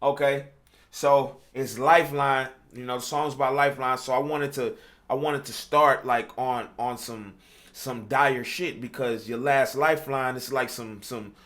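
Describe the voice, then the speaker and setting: A man's voice: medium pitch, fairly even intonation, measured pace, fairly bright tone. A man teaching how he writes rap verses, talking loosely with lots of "you know what I'm saying", breaking into rapped examples. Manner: loose and conversational, with frequent fillers and rapped demos. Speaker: rap coach. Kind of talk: casual tutorial talk.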